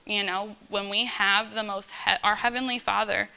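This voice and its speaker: Bright, earnest woman preaching casually. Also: mid-range voice, flat delivery, moderate pace, vocal fry, smooth. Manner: chatty, earnest, full of fillers and "okay?". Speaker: church speaker. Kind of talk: informal sermon to young believers.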